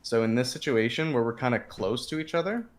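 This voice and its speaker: A man's voice: medium pitch, animated, fairly quick. A man coaching a player through game tactics in casual talk, explaining patiently with frequent fillers and restarts. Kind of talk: casual coaching over a screen share.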